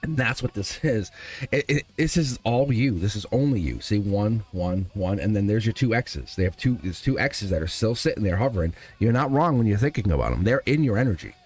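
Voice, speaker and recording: A man's voice: lowish voice, expressive, brisk, darkish tone. A man giving a live tarot reading, speaking earnestly and emphatically straight to the viewer. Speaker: tarot reader.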